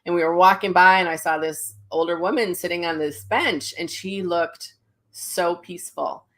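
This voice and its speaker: A middle-aged woman telling viewers a personal story in a casual, animated way, acting out what people said, as a psychic medium hosting her own channel. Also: lowish voice, normal speed.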